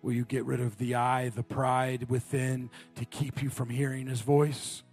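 A man's voice: mid-range voice, flat delivery, measured pace, darkish tone, soft background music. A man preaching a sermon, telling a personal story and building to passionate appeals.

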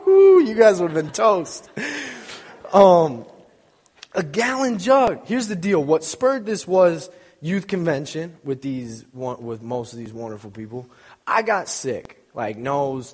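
A man's voice: on the high side, expressive, takes it slowly, darkish tone. A young man giving an informal sermon, chatty and joking, acting out little scenes as he tells stories. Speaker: preacher. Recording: long hall reverb.

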